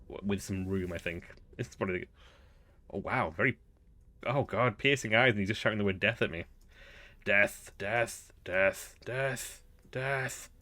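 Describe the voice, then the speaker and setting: A chatty man with a lowish voice talks through his game as he plays. He thinks aloud in a relaxed, amused way. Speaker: gaming video host. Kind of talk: relaxed gameplay commentary.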